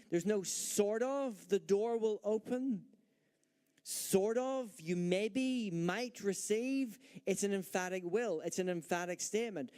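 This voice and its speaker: Male pastor, sermon delivery, emphatic with rhetorical questions, slightly higher voice. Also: a little mellow, clean tone. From Northern Ireland. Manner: emphatic preaching with rhetorical questions and acted-out doubts.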